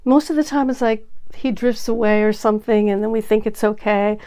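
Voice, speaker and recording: A woman coaching on dating in an energetic talk to camera, acting out what to say with big swings in her voice. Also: medium pitch, fairly quick, clean tone.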